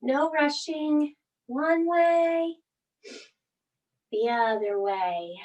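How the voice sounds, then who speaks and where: A woman leading a children's bedtime yoga class, speaking in a gentle, soothing, sing-song way as she reads a storybook aloud. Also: high-pitched, takes it slowly, slight background noise. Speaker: yoga instructor.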